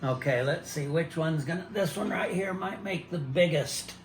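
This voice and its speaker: A man's voice: a little high, normal speed, a little hiss or hum. An older man casually demonstrating how he cuts and prepares pumpkins at home, explaining plainly and restarting his sentences. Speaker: home gardener showing pumpkin prep.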